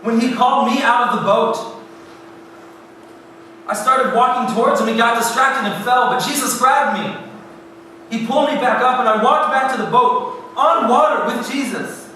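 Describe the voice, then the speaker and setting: A man youth pastor preaching a dramatic first-person sermon, with vivid retelling that swings from hushed to loud. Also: extremely high pitch, moderate pace. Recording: very echoey hall, voice from a distance, faint noise.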